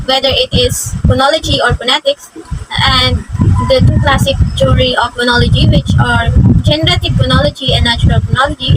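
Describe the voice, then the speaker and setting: High-voiced woman vlogging over loud noise. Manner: halting, repeats and restarts phrases. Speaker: student vlogger. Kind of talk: casual video introduction. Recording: loud noise and traffic behind.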